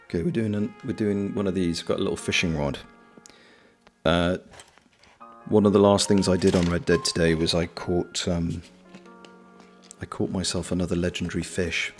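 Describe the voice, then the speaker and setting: A man's voice: sits low, little pitch movement, normal speed, long pauses. A man hosting a casual livestream, chatting and reading viewer messages aloud. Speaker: livestream host. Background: soft lo-fi background music.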